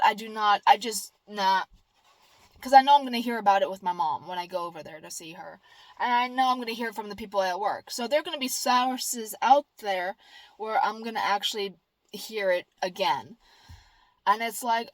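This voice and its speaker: A woman's voice: medium pitch, no room sound. Woman, vlogger, rambling upbeat talk, fillers and restarts, dry close sound. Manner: upbeat and earnest. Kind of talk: casual chat.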